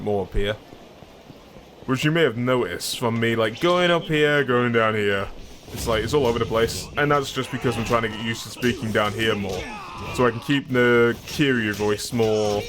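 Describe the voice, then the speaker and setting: A man's voice: medium pitch, a bit bright, slight background noise. A man giving casual let's-play commentary as a gaming streamer, chatty and self-deprecating.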